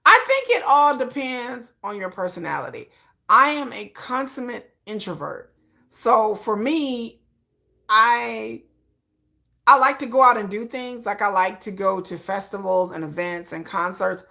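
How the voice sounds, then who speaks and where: A woman's voice: mid-range voice, lively intonation, unhurried, gravelly, sharp tone. A middle-aged woman from Michigan with a slight Texan tinge, talking frankly in an interview and often repeating herself and restarting. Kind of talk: candid personal talk.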